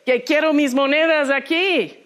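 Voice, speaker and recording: A woman voicing a stubborn little plucked rooster who crows a shrill, defiant chant in a told folktale. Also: steady tone, moderate pace, fairly bright tone. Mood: defiant crowing.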